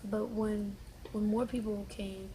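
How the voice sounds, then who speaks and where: A young woman vlogger telling a storytime in casual, slangy, animated chat. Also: mid-range voice, takes it slowly, slight background noise, low-quality recording.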